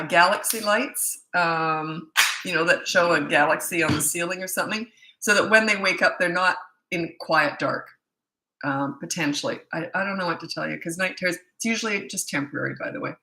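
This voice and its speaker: A woman's voice: fairly low pitch, animated, brisk, vocal fry, pushed and bright, echoey room, low-quality recording. Tired woman chatting on a live stream. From Canada. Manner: chatty, rambling, many ums. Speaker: parenting coach.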